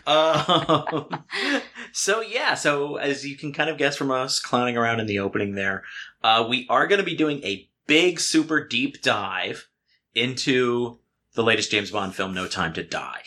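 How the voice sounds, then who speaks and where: Giggly joking man with a lively voice. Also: mid-range voice, unhurried. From Pennsylvania, USA. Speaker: podcast co-host. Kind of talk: casual chat. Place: home dining room. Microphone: two hosts sharing one microphone.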